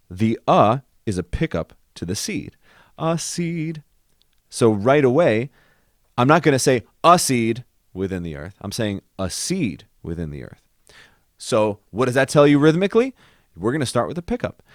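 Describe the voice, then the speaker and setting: A man's voice: mid-range voice, no room sound, studio quality. A man, a composer, teaching music composition. He speaks lyrics aloud to find their rhythm and counts beats over piano chords. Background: faint piano.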